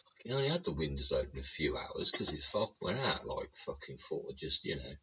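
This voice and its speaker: A man's voice: very deep voice, animated, normal speed, pushed and bright, slightly rough. A man hosting his own show, delivering a profane political rant full of swearing and tag questions. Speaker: show host. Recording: dull lo-fi sound.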